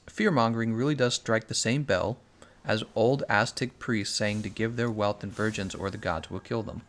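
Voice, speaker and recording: A young man streaming a game, chatting casually and sarcastically, reading viewer messages aloud. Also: medium pitch. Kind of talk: casual gameplay commentary.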